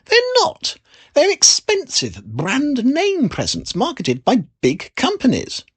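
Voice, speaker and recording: A storyteller voicing a sensible, indignant female Christmas elf in a storybook reading, with a husky, high, urgent delivery. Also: wildly swooping pitch, slow, fairly bright tone, full character voice.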